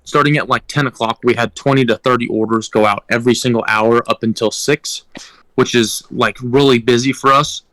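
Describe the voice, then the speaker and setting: A man's voice: mid-range voice, fairly even intonation, a little fast, a bit bright, dry recording, low-quality recording. A young man co-hosting a podcast, telling a work story casually, rambling with ums and restarts. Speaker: podcast co-host.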